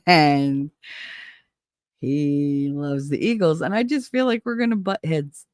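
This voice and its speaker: A woman's voice: low-pitched, slow pace, dry recording, studio quality. A woman hosting a casual livestream, chatting and joking while reading viewer comments, her voice nasal from a stuffy nose. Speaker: host.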